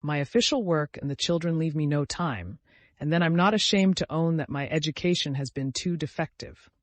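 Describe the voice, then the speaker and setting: A man voicing a gentle, modest older aristocratic gentleman in an audiobook, polite and self-deprecating. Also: fairly high pitch, fairly quick, dry recording, lightly acted. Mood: earnest.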